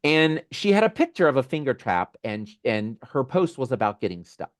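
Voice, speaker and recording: A man hosting a community video call, talking in a gentle, musing way with small laughs and restarts. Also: medium pitch, very animated, normal speed, no echo, clean studio sound. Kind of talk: reflective casual talk.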